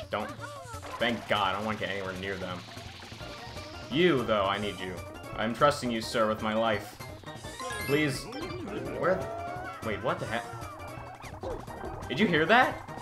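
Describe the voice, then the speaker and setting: A man's voice: lowish voice, expressive, normal speed, pauses often. A man giving let's-play commentary, easily frustrated, exclaiming and grumbling at the game as he plays. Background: game music.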